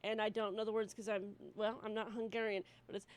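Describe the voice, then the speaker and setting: A young woman co-hosting a casual podcast, telling stories in an animated way, with plenty of swearing and laughter. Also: medium pitch, brisk. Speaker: podcast co-host. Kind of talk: casual chat.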